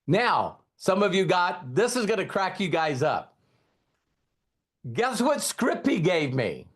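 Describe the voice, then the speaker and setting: A man in his fifties, working as a network marketing trainer, gives a spirited motivational talk where he repeats key lines and puts questions to his audience. He takes it slowly in a high, slightly rough voice.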